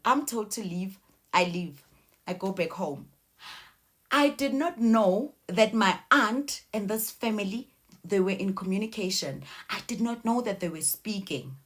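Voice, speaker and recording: A young woman telling a personal story in a casual, animated way. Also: mid-range voice, a little slow. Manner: animated, acts out voices.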